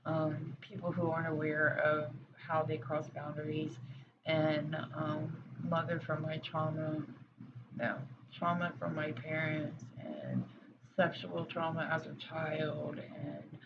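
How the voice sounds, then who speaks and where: Woman, oracle card reader, slow and gentle, reassuring, hesitant; muffled recording with audible noise. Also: low voice. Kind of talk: pick-a-pile card reading. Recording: dull lo-fi sound with background noise.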